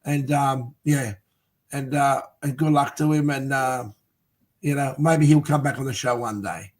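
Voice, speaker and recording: A man's voice: mid-range voice, fairly even intonation, measured pace. A man on a sports podcast panel, hesitant with many ums, teasing others.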